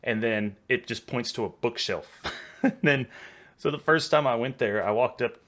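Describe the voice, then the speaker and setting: A slightly tipsy Texan guy runs a reaction video, talking at a moderate pace in a medium-pitched, fairly bright voice. His casual commentary wanders and chatters along, and he's quick to laugh.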